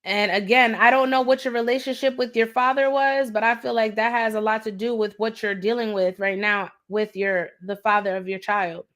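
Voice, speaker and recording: A woman's voice: fairly high pitch, steady tone, normal speed, hardly any pauses, a bit bright. A woman giving a live tarot reading, blunt and direct, scolding her viewer in slangy talk and repeating herself for emphasis. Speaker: tarot reader.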